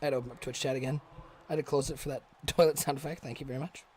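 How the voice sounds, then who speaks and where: A man doing chatty, excitable play-by-play commentary for a live stream, joking with viewers in chat. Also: mid-range voice, rapid-fire, a little hiss or hum.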